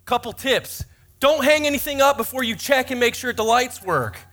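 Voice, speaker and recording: A man's voice: very high-pitched, animated, normal speed, fairly bright tone. A man in his forties, a pastor giving a sermon in church, telling self-mocking, joking stories.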